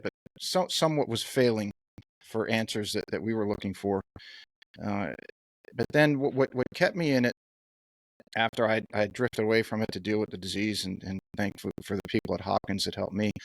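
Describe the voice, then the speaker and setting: A podcast host in his fifties with a fairly low voice, recorded close and dry with no room sound. He speaks earnestly and builds long, winding questions. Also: creaky, no room sound, poor audio. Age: 50s. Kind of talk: podcast interview.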